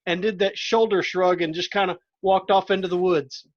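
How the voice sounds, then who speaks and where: A man's voice: high-pitched, fairly even intonation, moderate pace, lo-fi sound. A male podcast host in casual chat, telling a story in a playful, loose way.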